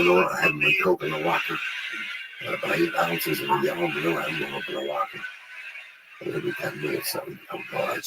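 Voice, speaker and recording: A man's voice: a bass voice, heavy background noise. A middle-aged man telling frank stories in casual conversation, profane and vivid. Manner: profane, swaggering, vivid recounting. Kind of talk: candid conversational storytelling.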